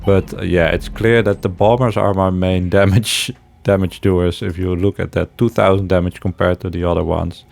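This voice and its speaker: A man's voice: low-pitched, little pitch movement, normal speed, gravelly, hardly any pauses, darkish tone, dry recording, faint music behind. A man giving casual let's-play commentary, thinking aloud with hesitations and frequent chuckles. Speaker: game streamer.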